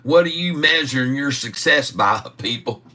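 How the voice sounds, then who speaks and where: A man's voice: mid-range voice, expressive, normal speed, sharp tone, pitched above the performer's own voice. A man putting on a rowdy Southern redneck. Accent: American Southern, put on. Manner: boisterous, laughs between lines, folksy drawl.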